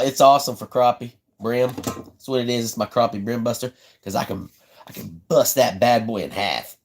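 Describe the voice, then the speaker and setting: Laid-back Southern man chatting while he works. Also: medium pitch. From South Carolina. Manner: laid-back, drawling, repeats himself, chuckles often. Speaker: livestream host building fishing rods. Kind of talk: casual live-stream chat while working.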